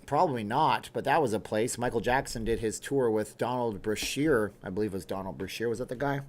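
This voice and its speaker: A man's voice: on the low side, fairly quick. A man in his thirties hosting a casual livestream, reading viewer comments aloud and answering them. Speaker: livestream host.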